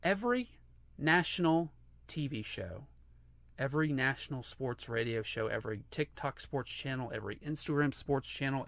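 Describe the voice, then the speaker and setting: A man hosting his own sports talk podcast, telling stories in an animated way with frequent restarts. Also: medium pitch, dry recording. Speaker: podcast host. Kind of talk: solo sports talk monologue.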